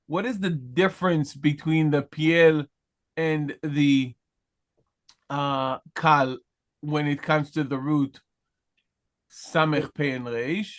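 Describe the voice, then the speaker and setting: A man leads a grammar lesson at an unhurried, deliberate pace, stopping often to check that students follow. His voice sits on the higher side for a man, and he pauses and restarts as he searches for words. He speaks like a patient teacher guiding a class. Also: a bit bright. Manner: patient, frequent "okay?" check-ins, questions to students. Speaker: Hebrew teacher. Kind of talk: live online class, explaining grammar.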